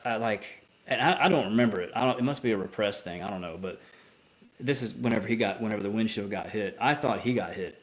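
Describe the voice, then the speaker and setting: A man with a lowish voice tells a story on a podcast, loose and unpolished. He swears freely and often circles back to restart his sentences, in a casual, conversational way. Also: fast. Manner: profane, rambling with many restarts. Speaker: podcast guest, military veteran.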